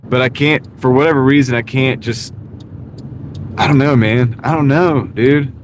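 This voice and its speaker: A man's voice: medium pitch, normal speed. A man with a Southern accent rambling casually to his live-stream viewers while he drives, easygoing and self-deprecating. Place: inside a car at night. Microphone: wireless clip-on mic. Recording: audible road and car noise. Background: car and road noise.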